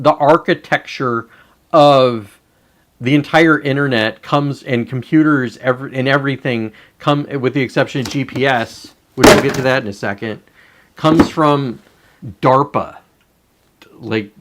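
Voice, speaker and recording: A man's voice: medium pitch, fairly bright tone, slight background noise. A man hosting a casual live stream, rambling and swearing as he reads chat comments aloud and reacts to them.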